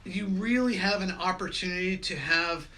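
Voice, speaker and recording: Male musician, very bright tone, earnest and enthusiastic, office chat, light hiss. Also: high-pitched, normal speed. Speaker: band member. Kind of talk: casual chat.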